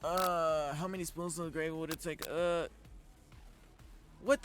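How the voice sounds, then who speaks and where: Animated man reacting to a dating sim. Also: on the high side, a little slow, pauses often, soft background music. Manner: animated, laughing, lots of fillers. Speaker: gaming streamer.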